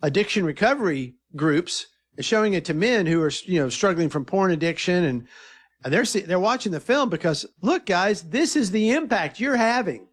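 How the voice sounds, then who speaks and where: A middle-aged man with a fairly high speaking voice tells stories in an interview. He is earnest and animated, and he often backs up and restarts his sentences as he goes. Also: moderate pace, husky. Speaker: filmmaker guest. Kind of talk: conversational interview storytelling.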